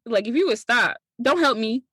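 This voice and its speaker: A young woman talks through a cartoon recap with lively, animated storytelling, dipping into quick character voices as she goes. Her voice is dry and close to the mic, with no room sound around it. She keeps the tone casual and chatty throughout. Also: fairly high pitch, slightly rough, no room sound. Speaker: podcast co-host.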